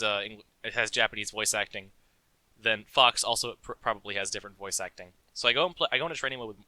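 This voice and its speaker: A man's voice: medium pitch, bright, forceful tone, dry recording, poor audio. A young man co-hosting a casual podcast, rambling with stumbles and restarts. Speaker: podcast co-host. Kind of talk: casual chat.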